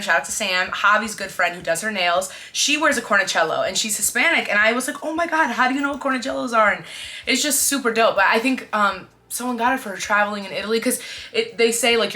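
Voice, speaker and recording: A young woman talking casually to camera in a fashion vlog, chatty and excitable, full of little asides. Her voice is bright and forward, sitting at an ordinary pitch for a woman. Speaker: fashion vlogger.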